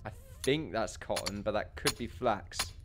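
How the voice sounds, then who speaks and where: A man's voice: fairly low pitch, measured pace, noisy background. A young man rambling and laughing at himself while commenting on a building game, with faint music underneath. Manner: rambling, self-deprecating, laughs often. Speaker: gaming commentator. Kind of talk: casual let's play commentary.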